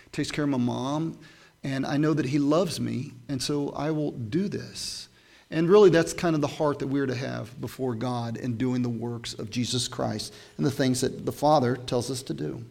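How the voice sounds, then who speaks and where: A man's voice: medium pitch, gravelly, a little mellow. A man preaching a conversational sermon, moving between casual storytelling and emphatic scripture reading. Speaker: pastor.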